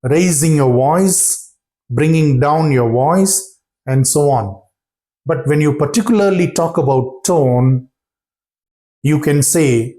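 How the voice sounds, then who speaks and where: A man teaching a spoken-English lesson to his students, talking deliberately and often checking in with short questions and praise. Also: fairly high pitch, mellow.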